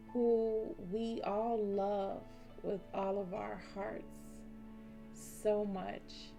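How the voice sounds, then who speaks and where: A woman in her forties telling a heartfelt personal story in a slow, emotional vlog. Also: mid-range voice. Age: 40s. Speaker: vlogger. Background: soft instrumental music.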